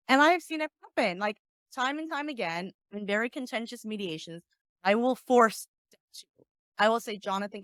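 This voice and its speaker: Animated woman explaining conflict steps. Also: medium pitch, no room sound, clean studio sound. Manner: animated, acts out example dialogues. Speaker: divorce mediator and negotiation coach. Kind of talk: podcast interview talk.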